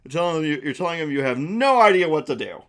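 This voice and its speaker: A man's voice: fairly high pitch, very animated, fast talker, a bit bright. A man acting as game master and streamer, narrating a tabletop game and thinking aloud as he draws. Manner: casual, thinking aloud while drawing.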